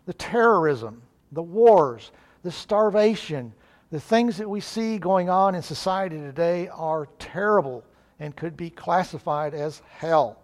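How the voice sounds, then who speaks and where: A man preaching a sermon, earnest, rising in emphasis and slowing down on key phrases. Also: fairly high pitch, animated.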